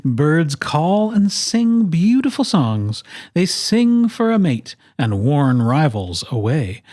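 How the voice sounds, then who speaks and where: A storyteller reads a children's picture book aloud at an unhurried pace. The voice rises and falls in a lively way and puts playful emphasis on each item in a list. The sound is dry and close. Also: mid-range voice, no echo. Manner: expressive, playful emphasis on lists.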